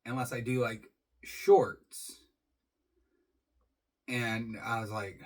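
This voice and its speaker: A man with a husky, slightly breathy voice talks his way through an unboxing in a loose, rambling vlog style. He takes his time, drawing out his words and peppering them with casual swearing. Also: medium pitch, steady tone, extremely slow, pauses often, poor audio. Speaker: beer reviewer.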